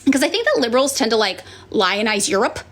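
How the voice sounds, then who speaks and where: A woman in casual chat, frank and a bit profane, answering viewer questions. Her voice sits fairly high and swings widely in pitch. She sighs and fills pauses, and she slips into quick high-pitched impressions of others. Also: sing-song. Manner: frank and profane, acts out quoted people in sudden high voices; chatty with many fillers and sighs.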